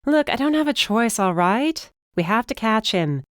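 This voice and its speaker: A wry, tough young bounty hunter, as voiced by a woman narrator, teasing and flippant. Her voice is clear and smooth, recorded close and dry. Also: a little high, sing-song, moderate pace, no echo, pitched above the performer's own voice. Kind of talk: audiobook character voice.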